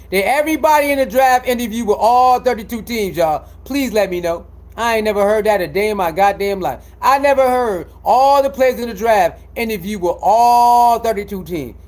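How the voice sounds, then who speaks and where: A man's voice: high voice, darkish tone. A man delivering a heated, profane sports commentary rant, repeating himself and mocking his critics.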